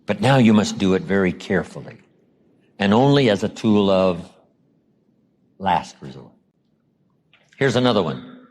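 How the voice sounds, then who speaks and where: A man from the United States giving a motivational seminar talk, acting out quoted lines and dropping his voice low for emphasis. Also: animated, normal speed, darkish tone, a little hiss or hum. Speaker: motivational speaker.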